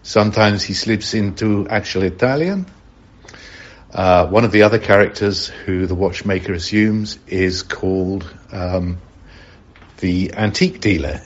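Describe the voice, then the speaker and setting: Deep slightly raspy guy chatting about his stage role, bit muffled. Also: unhurried. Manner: easygoing, with frequent ums and uhs. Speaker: stage actor introducing his character. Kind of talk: audio introduction to a play.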